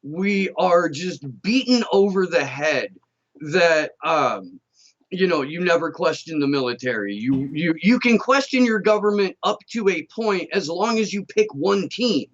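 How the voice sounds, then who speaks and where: A man's voice: high voice, animated, a little slow, muffled recording. An American man making his case emphatically as a guest on a video call. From United States. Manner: emphatic, argumentative. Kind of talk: casual chat.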